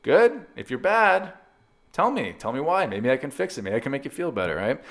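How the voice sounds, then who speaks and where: A man hosting his own podcast, telling a funny personal story in a casual monologue and jumping into loud, exasperated retellings of conversations. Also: medium pitch, a little fast, gravelly. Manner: animated, jumps into loud exasperated retellings of dialogue. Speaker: podcast host.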